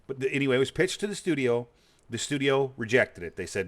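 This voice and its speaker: A man's voice: medium pitch, animated, quick pace. A man in his forties streaming a game, talking bluntly and profanely in a rambling casual chat. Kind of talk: casual chat while gaming.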